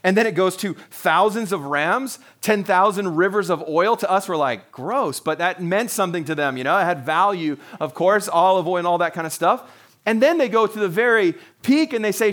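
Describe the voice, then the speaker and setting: A man's voice: high voice, animated, moderate pace, fairly bright tone. A man in his forties, a pastor, preaching a sermon in an earnest, conversational way with frequent restarts.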